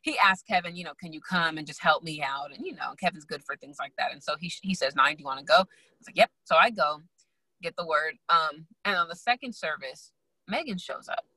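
A young adult woman, a guest and magazine founder, telling her story in a lively way, acting out quoted voices and laughing often. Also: low-pitched, a little fast, dry recording, poor audio. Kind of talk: animated storytelling in casual chat.

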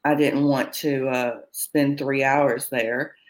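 A woman's voice: extremely low pitch, fairly even intonation, takes it slowly. Woman, interview guest, personal storytelling, acts out quoted lines. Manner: tells events in present tense, acting out quoted lines.

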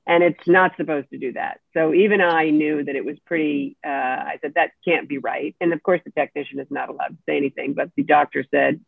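A woman telling a personal story as an interview guest, animated and acting out the people she quotes. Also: low voice, a little fast, vocal fry, hardly any pauses, breathy edge, no echo. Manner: animated, acts out quoted speech. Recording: tinny dry phone line.

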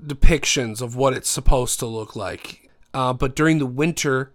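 A man's voice: mid-range voice, moderate pace. A man co-hosting a podcast in casual chat, teasing his friend, swearing freely and telling a story with lots of fillers. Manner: teasing, swears freely, laughs loudly when flustered. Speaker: podcast co-host.

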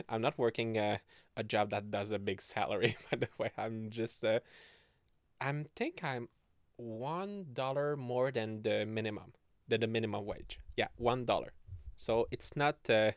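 A man's voice: mid-range voice, measured pace, no room sound, clean studio sound. A man in his twenties hosting a casual solo podcast, rambling and giggling as he talks. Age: 20s. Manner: rambling and giggly, laughing often mid-sentence. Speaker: podcast host.

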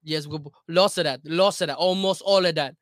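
A young man putting on a mock Italian American accent as a loud, brash male home cook with a hammy, repetitive delivery. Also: on the high side, fairly quick, no room sound, studio quality, natural voice.

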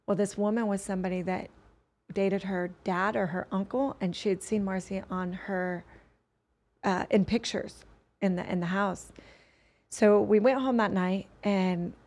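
Woman, podcast guest, earnest personal storytelling, rambling, frequent restarts, middle pitch. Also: a little mellow.

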